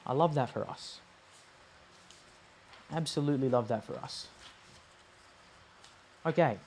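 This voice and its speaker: A man teaching a language on a live stream, casual and chatty, repeating sounds slowly to demonstrate them. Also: medium pitch, darkish tone, a little hiss or hum.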